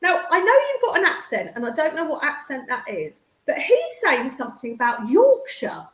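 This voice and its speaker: A woman's voice: high voice, wildly swooping pitch, moderate pace, a bit bright, roomy sound. A woman giving a psychic reading as a medium, chatty and affectionate, calling the sitter darling.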